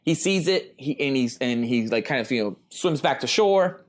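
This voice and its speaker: A man's voice: mid-range voice, lively intonation, moderate pace. A man in his thirties co-hosting a casual podcast, telling a long story in a rambling way with lots of ums and uhs. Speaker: podcast co-host.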